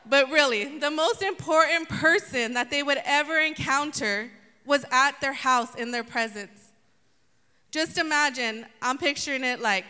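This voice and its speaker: Woman preacher, high voice, bright tone, animated storytelling, long reverb. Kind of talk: sermon with humor.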